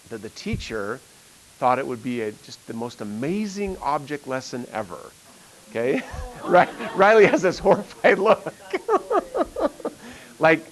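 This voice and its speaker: A man's voice: a little high, a bit bright, low-quality recording. A middle-aged man, a math teacher, telling a story in a classroom, rambling with lots of fillers and frequent laughs. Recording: faint hiss.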